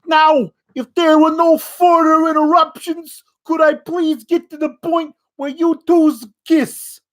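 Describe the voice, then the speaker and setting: A man's voice: very high voice, little pitch movement, takes it slowly, pitched above the performer's own voice. A man putting on a wedding officiant with a thick, over-the-top East Coast accent. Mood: pompous.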